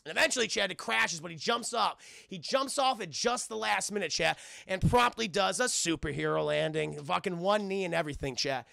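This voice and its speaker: A man streaming a profane, excitable spoiler film review, often laughing and talking to his chat. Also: sits high, brisk, creaky, no echo, clean studio sound.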